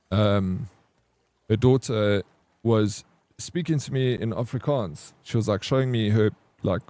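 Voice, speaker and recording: A man's voice: medium pitch, dark tone, no echo. A man, hosting a livestream and chatting casually in a rambling, candid way, swearing now and then. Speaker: livestream host. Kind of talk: casual stream chat.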